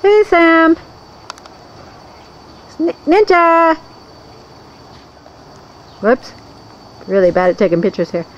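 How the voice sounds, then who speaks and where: A woman's voice: mid-range voice, sing-song, takes it slowly, long pauses, highs cut off. A woman filming her pets outdoors on a handheld camera, coaxing them in sing-song baby talk. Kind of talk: home video, talking to pets. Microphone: handheld camera mic.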